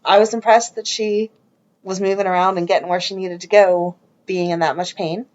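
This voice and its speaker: A woman's voice: lowish voice, steady tone, moderate pace, a little mellow. A woman co-hosting a fan podcast, chatting casually as she retells the plot step by step. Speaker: podcast co-host. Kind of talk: casual recap chat. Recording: dull lo-fi podcast audio.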